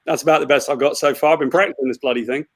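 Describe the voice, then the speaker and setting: A British man tells stories in a lively, chuckling way over a video call. He is a comic book writer chatting with friends, and his voice sits a little high. The sound is dry and close. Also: rapid-fire, dry recording. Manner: animated anecdote-telling, chuckling. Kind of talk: casual video-call chat.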